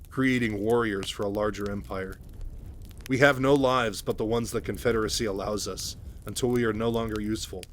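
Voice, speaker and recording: A man voicing a guarded, blunt female telepath soldier in a measured low voice. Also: slight background noise, close to an everyday voice.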